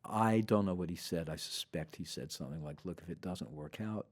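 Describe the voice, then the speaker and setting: Very deep-voiced man telling stories. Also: a little fast. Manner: animated, acts out quoted dialogue. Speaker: guest musician. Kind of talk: conversational storytelling.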